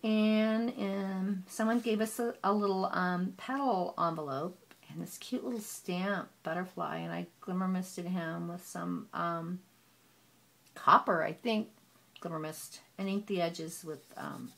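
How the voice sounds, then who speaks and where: A woman casually walking through a handmade scrapbook album, chatty and gushing, with frequent "um" pauses. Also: fairly low pitch, creaky, fairly bright tone. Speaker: papercraft hobbyist.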